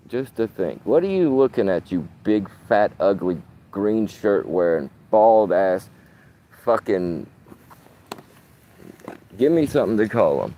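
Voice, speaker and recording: A man's voice: fairly low pitch, big pitch swings, measured pace, pauses often, highs cut off. A man talking casually to his phone camera in a park, rambling and swearing with streetwise slang. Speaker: vlogger.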